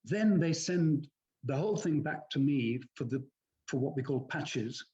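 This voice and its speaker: Measured older Englishman, lo-fi call. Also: on the high side, animated, dark tone. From England. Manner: measured, courteous, articulate. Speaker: audiobook narrator. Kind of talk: interview answers, explaining narration technique.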